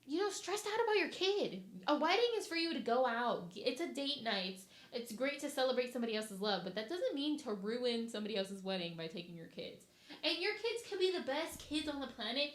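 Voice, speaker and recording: A woman's voice: sits high, fairly quick. A young woman hosting a casual podcast, talking bluntly and with energy about her wedding plans. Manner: blunt, animated, ranting. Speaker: podcast host, bride-to-be. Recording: echoey room.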